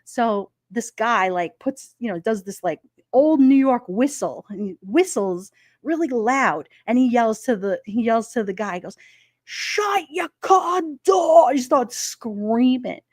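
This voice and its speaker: A woman's voice: on the high side, animated, moderate pace, a little mellow, no room sound, studio quality. Chatty woman telling stories, laughing. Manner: rambling anecdotes with frequent laughs. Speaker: livestream host. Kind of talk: casual storytelling to chat. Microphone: streaming microphone.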